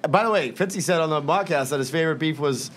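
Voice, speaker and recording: A man's voice: fairly high pitch, fast talker, fairly bright tone. A man, a podcast co-host from the Boston area, casually reading sponsor plugs and swearing bluntly. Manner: blunt, profane, laid-back.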